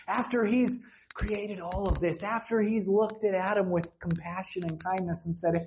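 A woman's voice: fairly low pitch, animated, moderate pace, a little mellow. Woman preacher, impassioned delivery full of rhetorical questions, faint noise behind her. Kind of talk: sermon.

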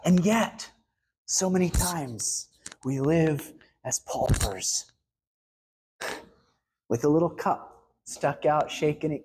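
A woman's voice: low voice, lively intonation, takes it slowly, pauses often, darkish tone, slight background noise, poor audio. A woman preaching a sermon, earnestly acting out little dialogues between God and a timid asker.

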